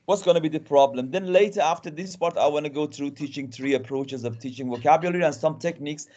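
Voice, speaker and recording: A man's voice: a little high, fast talker, darkish tone, highs cut off. A man giving an online lecture to teachers, talking interactively and often restarting and repeating words. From Iran. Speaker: guest lecturer. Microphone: video call.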